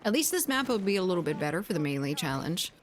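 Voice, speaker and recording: A woman game streamer from Latin America rambles between rounds, loose and profane, quick to laugh. Her pitch moves animatedly up and down, and a faint hum of ambient noise sits under her streaming mic. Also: sing-song. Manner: chatty, profane, laughing often. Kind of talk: casual gaming stream chat.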